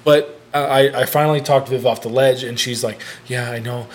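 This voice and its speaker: A man's voice: medium pitch, fairly even intonation, fairly quick. A man co-hosting a podcast in casual chat, chiming in with dry, teasing asides. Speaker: podcast co-host.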